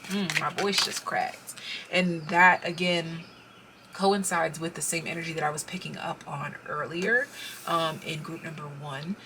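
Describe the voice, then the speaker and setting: A woman giving a casual pick-a-card tarot reading. She speaks straight to the viewer, gets excited, and interrupts herself as she pulls cards. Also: sits low, measured pace, noisy background.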